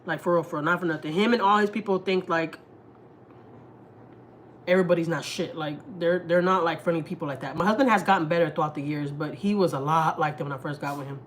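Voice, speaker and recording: A woman talks on a casual family livestream, her voice sitting on the low side. She speaks frankly and heatedly, swearing freely as she vents. A faint background hum sits under the voice. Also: fast talker. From Houston, Texas. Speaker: family vlogger. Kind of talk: casual live-stream chat.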